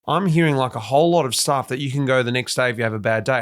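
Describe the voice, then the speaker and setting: A man's voice: mid-range voice, fast talker, hardly any pauses. Conversational male podcast host. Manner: conversational, thinks aloud with many "you know" fillers. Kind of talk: casual podcast interview.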